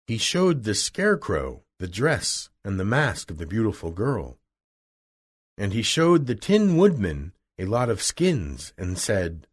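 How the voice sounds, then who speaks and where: A man narrating a storybook chapter aloud in a slow, measured way. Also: on the low side, sing-song, husky.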